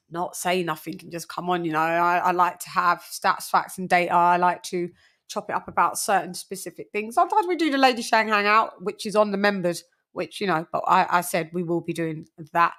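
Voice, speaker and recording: A woman hosting a boxing talk stream, chatting casually and giving loud shout-outs, swearing freely. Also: mid-range voice, noisy background. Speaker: boxing channel host. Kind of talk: casual livestream chat.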